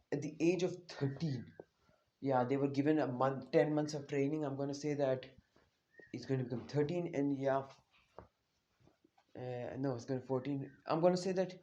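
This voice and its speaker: A man's voice: on the high side, warm tone. A man casually retelling a fan-made story, rambling with lots of fillers and restarts.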